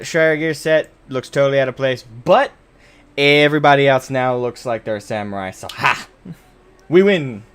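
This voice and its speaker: An American man with a mid-range, slightly bright voice streams a game live, chatting casually with viewers. He rambles and corrects himself while joking with the chat.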